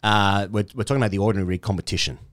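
A man co-hosting a podcast, tossing in joking, sweary banter and quick agreeing interjections. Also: lowish voice, steady tone, a bit bright, dry recording. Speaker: podcast co-host. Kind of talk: casual chat.

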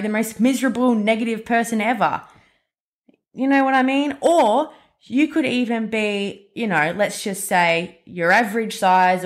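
A woman in her twenties with an Australian accent talks through a casual solo podcast. She is chatty and emphatic, with lots of fillers and self-corrections. Her voice sits at an ordinary middle pitch for a woman. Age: 20s. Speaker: podcast host.

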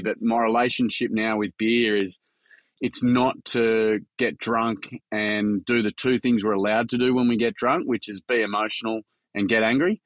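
A man's voice: on the low side, fairly even intonation, moderate pace, a bit bright, dry recording. A young Australian man telling his own story in a casual podcast chat, earnest and frank with some swearing. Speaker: charity founder and workshop facilitator.

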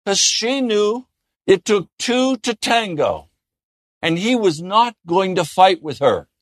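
A man preaching a sermon in an earnest way, often dropping to a soft, gentle tone. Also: high voice, animated, slow pace, dry recording, clean studio sound. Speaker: pastor.

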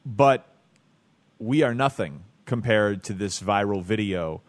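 A man's voice: fairly low pitch, expressive, slow pace, dry recording. Joking sports radio host, man. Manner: joking, laughs easily. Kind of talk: casual sports radio banter.

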